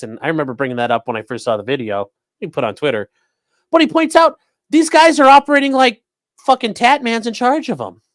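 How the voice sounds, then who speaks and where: A man streaming live commentary in a sarcastic, rambling way, swearing freely. His voice sits somewhat high for a man. The sound is dry and close, with no room around it. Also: a bit bright, no room sound. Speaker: streamer host.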